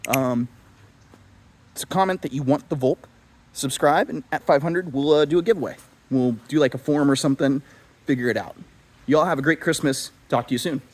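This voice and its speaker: A young man chatting casually in a video review, rambling with lots of fillers and self-deprecating asides. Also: on the high side. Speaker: knife reviewer.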